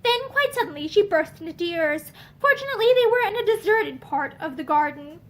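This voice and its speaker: A woman reading a novel aloud with expressive, animated narration. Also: very high voice, brisk. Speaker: audiobook reader.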